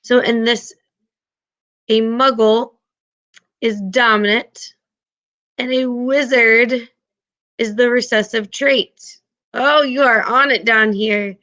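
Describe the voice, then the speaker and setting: A woman's voice: a little high, fairly even intonation, slow, pauses often, pushed and bright, lo-fi sound. A woman teaching a class, patiently explaining and often checking in with her students.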